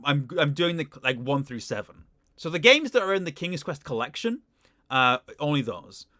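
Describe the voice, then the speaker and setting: Lively, bright-voiced male game streamer. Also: on the high side, no echo, studio quality. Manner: chatty, giggly, stumbling with fillers. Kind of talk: casual live-stream commentary.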